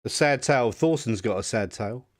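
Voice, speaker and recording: A man's voice: medium pitch, lively intonation, brisk, dry recording, clean studio sound. Easygoing man running a tabletop game. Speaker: game master. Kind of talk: casual tabletop game chat.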